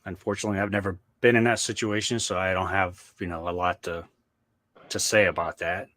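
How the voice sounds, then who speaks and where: Deep voiced guy co-hosting a stream, plain talk, supportive. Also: flat delivery, fairly quick, fairly bright tone. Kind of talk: live stream chat.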